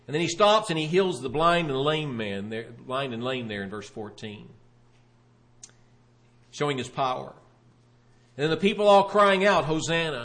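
A man preaching a sermon, retelling a Bible story with animated storytelling and voicing the questioners. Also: mid-range voice.

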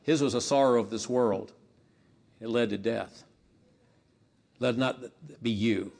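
A man preaching a sermon with impassioned delivery, rising to emphatic peaks and dropping low, leading a spoken prayer. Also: a little slow, vocal fry, darkish tone. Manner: leads a spoken prayer to God.

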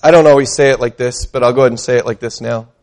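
A man's voice: medium pitch, fairly even intonation, darkish tone. A male pastor preaching a sermon, emphatic, asking his listeners questions and reading scripture aloud. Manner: emphatic, asks the congregation questions; reads scripture aloud slowly.

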